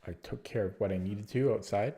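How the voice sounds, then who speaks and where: Low, stuffy-nosed man muttering chess moves. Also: fairly quick, dark tone. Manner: muttering move calls to himself, hesitant. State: nasal from spring allergies. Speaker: online chess player. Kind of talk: thinking-aloud game commentary.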